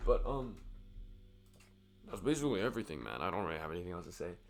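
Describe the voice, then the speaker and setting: Fast-talking croaky young man. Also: sits low, big pitch swings. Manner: rambling, profane, chatty. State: croaky from being sick. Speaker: fitness vlogger. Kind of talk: casual to-camera vlog.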